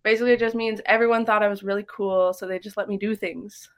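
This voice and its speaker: A young woman, a drummer and drum teacher, tells stories as a guest in a casual podcast interview. Her mid-range voice is steady and fast, and she's chatty, full of "likes" and other fillers.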